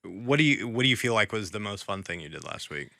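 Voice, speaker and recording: A man co-hosting a podcast in casual chat, easygoing and agreeable, chiming in with quick yeses. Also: fairly low pitch, lively intonation, gravelly, sharp tone, no room sound, studio quality. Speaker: podcast co-host.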